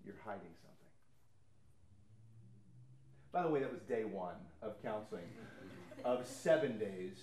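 In an echoey room, a pastor delivers his sermon testimony with a fairly low, mellow voice at normal speed, staying animated throughout. He tells personal stories conversationally and acts out the words of others.

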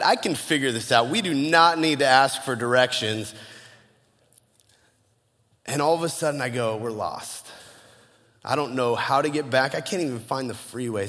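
A man's voice: fairly high pitch, long reverb tail. A man preaching a sermon as pastor, telling a funny story and acting out the voices of the people in it. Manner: storytelling with humor and animated quoted voices.

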